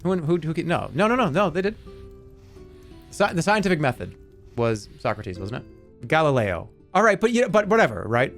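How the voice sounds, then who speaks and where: A man streaming a game, chatting casually with his chat in an animated, joking way. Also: on the high side.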